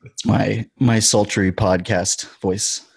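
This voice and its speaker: A man co-hosting a podcast with a hoarse, scratchy voice, chatting casually and getting fired up in quick bursts. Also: lowish voice, steady tone, no room sound. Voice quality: husky, scratchy. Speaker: podcast co-host. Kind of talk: casual chat.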